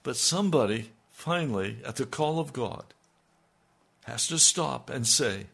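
An older man preaching on the radio as a pastor, earnest and reflective, his voice sinking low at the ends of thoughts. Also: expressive, creaky, fairly bright tone, slightly rough. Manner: slow, earnest, dropping to near-murmurs. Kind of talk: radio sermon.

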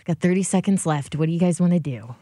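Animated young woman co-host, lower voice. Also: fast, no echo. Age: young adult. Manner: chatty, animated, laughs often. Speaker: radio co-host. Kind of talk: casual talk radio chat.

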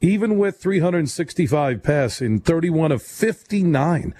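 Male sports radio host, mellow voice, fast-talking, opinionated. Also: on the high side, animated. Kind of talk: late-night sports call-in show. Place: radio studio.

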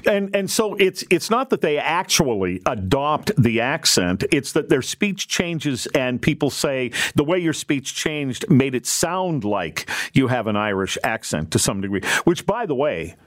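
Lively-voiced male radio host. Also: medium pitch, measured pace, few pauses, no echo, clean studio sound. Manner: lively, joking asides. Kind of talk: radio interview.

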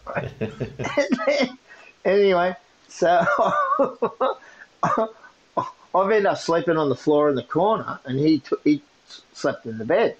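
An Australian man co-hosting a podcast, telling a story in a casual, animated way and laughing often. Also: fairly high pitch, takes it slowly, long pauses, highs cut off. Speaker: podcast co-host.

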